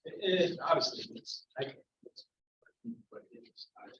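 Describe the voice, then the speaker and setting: A man who is a township supervisor, chatting casually in a friendly, halting way. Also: fairly bright tone, a little hiss or hum. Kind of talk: casual chat. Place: township meeting room. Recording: roomy, distant, dull meeting-room audio.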